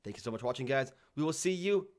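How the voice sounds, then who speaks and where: A man's voice: medium pitch, lively intonation, very fast. A young man presenting a gaming commentary video, addressing viewers as guys in a news-reporter manner. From Canada. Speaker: gaming YouTuber.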